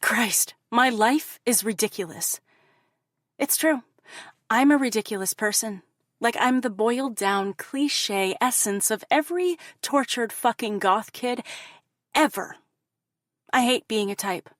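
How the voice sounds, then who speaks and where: A woman's voice: fairly high pitch, unhurried, no echo, clean studio sound. A woman narrating an audiobook in the first person, with an intense, profane, confessional delivery.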